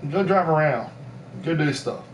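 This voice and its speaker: A man's voice: on the high side, animated, normal speed. A man, co-hosting a casual live stream and joking and teasing his partner. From Mobile, Alabama. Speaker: co-host. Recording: roomy, distant mic, noisy ambience.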